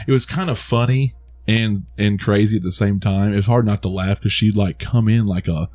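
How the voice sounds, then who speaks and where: This podcast co-host speaks at a moderate pace in a darkish voice on the low side, with fairly even intonation. Chatting casually about a movie, he meanders, restarts many times, and laughs at his own jokes.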